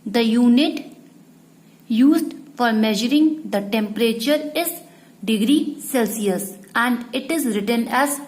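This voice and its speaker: Slow, repetitive woman teacher. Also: a little high, lively intonation, darkish tone, rough recording. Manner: repeats points, addresses students often. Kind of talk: slow classroom explanation.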